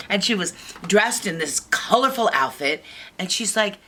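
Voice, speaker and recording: Animated woman telling a bedtime story. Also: mid-range voice, moderate pace. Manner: animated, slipping into whispers. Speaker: children's storyteller.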